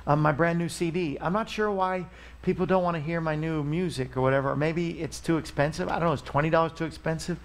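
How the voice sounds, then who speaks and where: A man's voice: a little high, steady tone, fast. A man hosting a live talk show, chatting casually and rambling as he pleads for donations. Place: Missouri studio.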